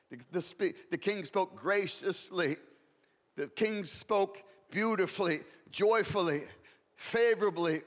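Male preacher, high voice, impassioned repeated phrases, long hall reverb. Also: a bit bright. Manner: impassioned, repeats words and builds in rising waves. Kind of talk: sermon.

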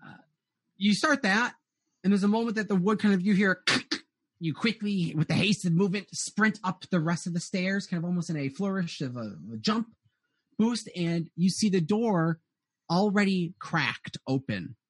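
A man's voice: high voice, lively intonation, moderate pace, no echo. A man narrating as game master in a rambling way, full of "uh"s and restarts.

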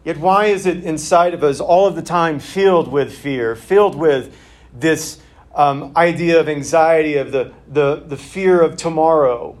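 A man's voice: fairly high pitch, unhurried. A male pastor giving a conversational sermon in a church, talking plainly with casual fillers.

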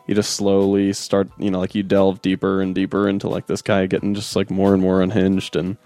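Fast-talking young man, eager movie fan. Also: low voice, monotone, warm tone, dry recording, faint music behind. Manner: enthusiastic, rambling, fillers like "dude" and "you know". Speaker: podcast co-host. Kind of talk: casual chat.

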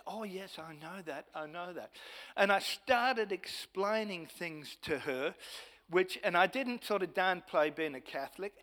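A man's voice: high voice, sharp tone. Older male evangelist in a reverberant hall. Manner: storytelling with repeated quoted dialogue, restarts. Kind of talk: testimony sermon.

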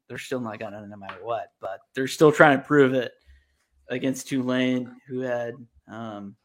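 Guy running through betting picks, quick and matter-of-fact, casual swearing. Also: mid-range voice. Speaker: podcast host reading out betting picks. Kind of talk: casual sports betting chat.

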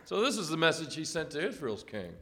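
Man reading scripture with lively pitch. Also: fairly quick. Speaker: scripture reader. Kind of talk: reading scripture aloud during a sermon.

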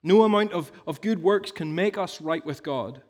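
Preacher in a reverberant church hall. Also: male voice, high voice, normal speed, darkish tone. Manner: earnest teaching tone, explains with stories and rhetorical questions. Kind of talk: sermon. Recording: long reverb of a large hall.

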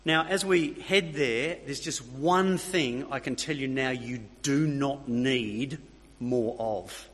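A man's voice: medium pitch, slow, few pauses, a bit bright, slightly rough. A man preaching a sermon, emphatic, repeating key phrases and checking in with his listeners. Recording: long reverb of a hall.

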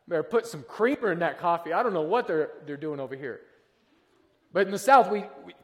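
A male pastor from the American South preaching a sermon in a conversational way, moving between quiet asides and loud, emphatic peaks, in a church sanctuary. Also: high voice. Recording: long reverb of a large hall.

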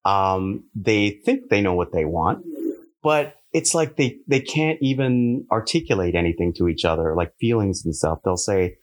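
A man with a Californian accent telling stories in a casual chat, animated and laughing often. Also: fairly low pitch, moderate pace.

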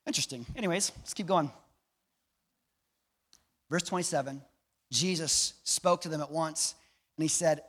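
A man's voice: fairly high pitch, normal speed, pauses often. A man preaching a sermon in a conversational way, often asking the audience questions. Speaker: pastor. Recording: echoey hall.

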